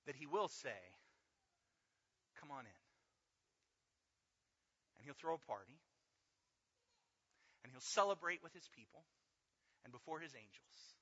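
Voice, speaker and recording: A man preaching a sermon as pastor, swinging between loud emphatic calls and quiet, nearly whispered line endings. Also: on the high side, lively intonation, a little slow, long pauses. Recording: dull lo-fi sound.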